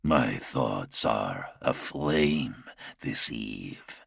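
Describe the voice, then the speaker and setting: Guy doing a brooding crazy warlord prince, super deep gravelly voice, slow and dry. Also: expressive, a bit bright, no echo, full character voice. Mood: brooding menace. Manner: slow, low, menacing delivery. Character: brooding, half-mad male warlord prince.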